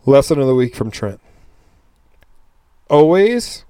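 A man's voice: mid-range voice, sing-song, normal speed, pauses often, mellow, clean tone, no room sound. A young man co-hosting a casual podcast, blunt and profane, telling stories with quoted dialogue, sounding tired. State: tired, burned out. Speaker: podcast co-host. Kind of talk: casual chat.

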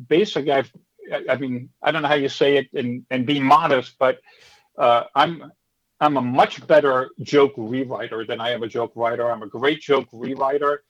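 A man's voice: medium pitch, fairly even intonation, normal speed, highs cut off. A middle-aged man, a stand-up comedy teacher, telling stories in a chatty, rambling, self-assured way during a casual interview.

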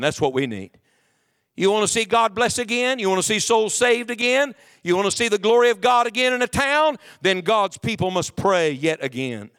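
Guy preaching a sermon, pretty high voice, reads bible verses then hits the room with questions. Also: fairly bright tone. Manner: preaching with emphatic rising questions to the congregation; reads scripture aloud in King James wording. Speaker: pastor. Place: church sanctuary with congregation.

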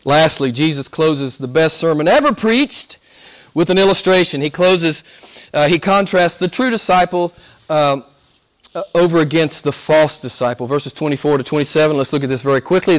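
A man preaching a sermon with passion, shifting from loud, ringing declarations to hushed whispers. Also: on the high side, moderate pace. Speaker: pastor.

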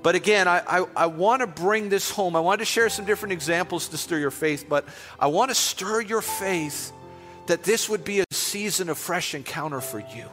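A man preaching a sermon as pastor, impassioned and repetitive, easing into a hushed prayerful close, in a church sanctuary. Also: sits high, normal speed, in a large hall, soft background music.

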